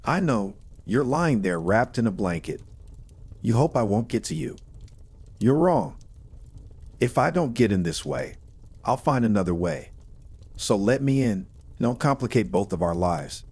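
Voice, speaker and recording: A man voicing a calm, threatening male creature that demands to be let in, in a horror story reading. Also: lowish voice, measured pace, long pauses, breathy edge, heavily acted. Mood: menacing. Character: menacing unseen male night visitor, calm and threatening.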